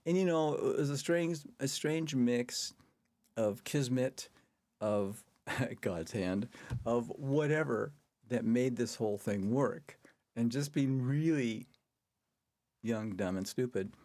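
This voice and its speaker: An older man's mid-range, darkish voice moves slowly and expressively, with long pauses. He's a podcast guest spinning a long anecdote in casual chat, chuckling along and putting on a raised voice to act out what other people said.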